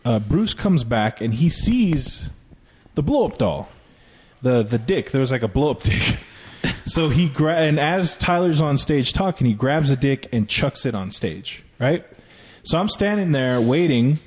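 A man comedian telling a story in a casual, profane, animated way on a podcast. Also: medium pitch, a little slow. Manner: profane, animated, laughing through the tale.

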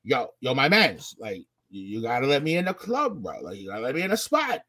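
A man voicing a rowdy street man who shouts boastful threats. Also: medium pitch, big pitch swings, brisk, pitched below the performer's own voice. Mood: pleading.

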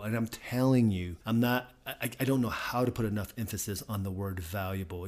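A man's voice: low-pitched, steady tone, a little slow. A man co-hosting a podcast, speaking emphatically and pastorally, repeating key points for emphasis. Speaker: podcast co-host, company founder. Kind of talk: casual podcast conversation.

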